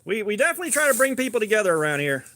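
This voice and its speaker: A livestream host with a high-pitched, sing-song voice that sounds pushed and bright chats casually while reading viewer comments. He jokes, rambles, and tosses in quick asides as he answers them.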